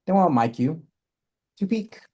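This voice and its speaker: A man's voice: fairly high pitch, animated, normal speed, dark tone. A man teaching a live coding lesson, talking through his code step by step and correcting himself as he goes. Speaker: coding instructor.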